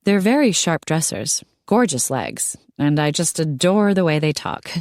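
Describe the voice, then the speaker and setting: A woman's voice: low-pitched, lively intonation, unhurried, a little mellow, no echo, studio quality. A woman voicing a spirited young woman with a wry, sarcastic manner.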